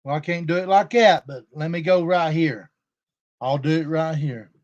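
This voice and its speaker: A man's voice: on the high side, moderate pace, dull audio. A man talking casually to viewers on a livestream, aggrieved and confrontational as he addresses a rival and his audience. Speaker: YouTube livestreamer.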